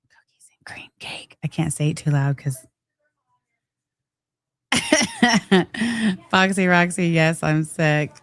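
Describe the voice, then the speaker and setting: A woman's voice: low voice, no echo. A woman, sick with the flu, chatting on a livestream and thanking viewers. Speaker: livestream co-host. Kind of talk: casual livestream commentary.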